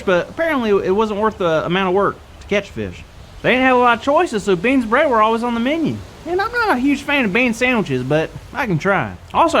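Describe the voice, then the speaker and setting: A man's voice: very high voice, fairly bright tone, slight background noise. A young man hosting a church kids show in a goofy, playful pirate persona.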